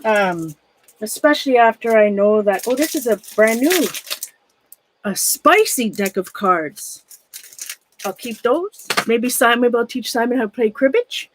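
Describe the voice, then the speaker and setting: A middle-aged woman chats casually on a livestream, her voice sitting a little high. She sounds nervous and a bit shaky, rambling on and greeting viewers by name as she sorts through her things. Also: animated, a little slow, slight background noise, rough recording. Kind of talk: casual livestream chat while sorting a closet.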